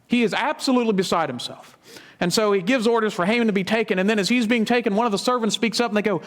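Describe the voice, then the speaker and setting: A man's voice: sits high, fast. A man preaching a sermon as a pastor, retelling a Bible story dramatically with casual asides. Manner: conversational asides.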